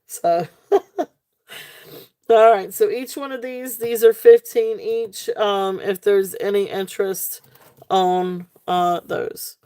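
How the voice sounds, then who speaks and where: A woman's voice: medium pitch, steady tone, slow pace, warm tone. A woman hosting a casual live jewelry sale, chatty and laughing often, with many fillers and restarts. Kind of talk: casual live-stream sales chat.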